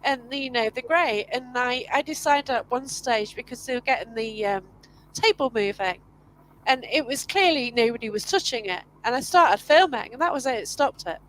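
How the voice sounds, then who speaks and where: A woman's voice: a little high, animated, moderate pace, a bit bright, poor audio. A Scottish woman who hosts paranormal events, chatting casually and hesitantly over a video call with many fillers. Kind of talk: casual chat. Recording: faint background noise.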